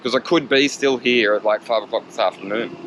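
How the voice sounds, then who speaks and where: A man's voice: medium pitch, fairly quick, noisy background. Chatty Australian man riding a bike. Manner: chatty, joking, swears casually. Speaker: cycling vlogger. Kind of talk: casual vlog commentary while riding. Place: riding a bike outdoors on roads before dawn.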